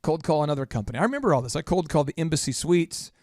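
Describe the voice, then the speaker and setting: Male podcast host with a raised voice, rapid-fire storyteller, poking fun at himself, dry close sound. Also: on the high side, dry recording. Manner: animated, rapid-fire, self-mocking. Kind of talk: storytelling in casual chat.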